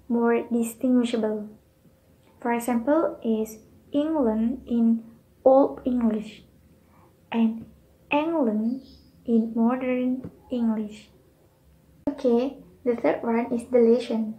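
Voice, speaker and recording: A woman's voice: a little high, mellow, rough recording. A young woman, carefully reading out a class presentation and marking each new point with "okay".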